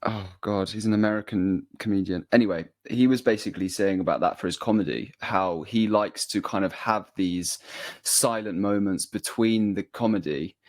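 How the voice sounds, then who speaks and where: A man's voice: on the low side, moderate pace, dry recording. A man hosting a podcast, chatting eagerly with rambling restarts and fillers. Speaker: podcast host. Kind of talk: casual conversation.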